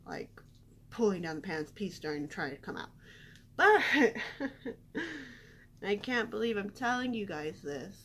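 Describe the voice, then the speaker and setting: A woman's voice: medium pitch, very animated, unhurried, pauses often, a bit bright. A young woman vlogger telling a personal story in casual chat, chatty and self-deprecating with lots of fillers.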